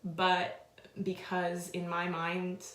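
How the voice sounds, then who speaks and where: A woman's voice: on the low side, completely flat delivery, very slow, a bit bright. A young woman in her twenties telling a personal story, tearful and overwhelmed, full of filler words. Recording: echoey room.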